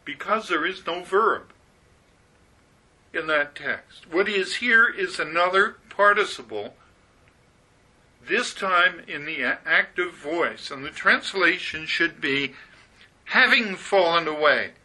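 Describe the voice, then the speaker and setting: A man gives a verse-by-verse Bible teaching with a somewhat high, sharp and forceful voice. He works through the Greek grammar methodically and leans hard on the key words. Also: lively intonation, slow, poor audio.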